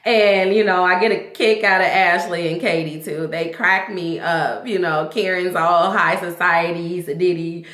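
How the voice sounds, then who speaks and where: A woman giving a casual, profane recap of a reality show to her viewers. She talks in an animated way and acts out what the cast said. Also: on the low side, measured pace, few pauses, roomy sound. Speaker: vlogger reviewing a reality show.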